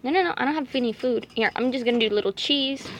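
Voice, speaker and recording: A woman's voice: high voice, fast talker, fairly bright tone. Chatty woman vlogging with her rabbits. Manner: chatty and rambling, cooing baby talk to her rabbits. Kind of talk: casual vlog chat while caring for pet rabbits.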